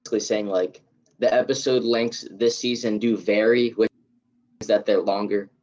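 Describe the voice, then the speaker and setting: A young man hosting a casual podcast chat, talking in an animated, ranting way. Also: on the low side, moderate pace. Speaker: podcast host. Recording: dull lo-fi mic.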